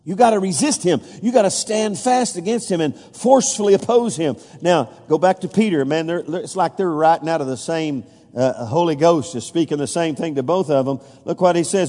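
A man's voice: on the high side, moderate pace, hardly any pauses, dark tone. A pastor preaching a folksy sermon, stumbling over fillers and restarts, then rising with emphasis when he reads scripture. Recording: long reverb of a large hall.

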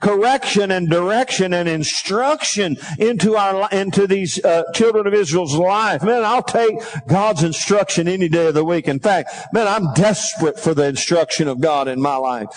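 A middle-aged man preaching with a notably high voice, urging the congregation to answer him. He mixes scripture with folksy, homespun asides. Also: normal speed, hardly any pauses. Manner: calls for congregation responses; folksy storytelling, drops to a low aside. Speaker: pastor. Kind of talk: sermon.

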